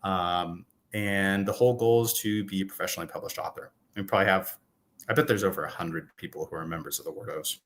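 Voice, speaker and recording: A man's voice: deep voice, fast talker, a bit bright. A man in his thirties, a guest author chatting casually on a video call, joking and self-deprecating. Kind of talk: casual interview chat.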